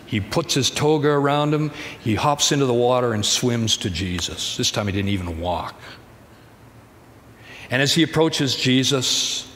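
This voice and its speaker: A man's voice: on the low side, fairly bright tone, a little hiss or hum. A man pastor preaching a sermon in a conversational, storytelling manner, recorded in a church sanctuary. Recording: church hall reverb, faint ambience.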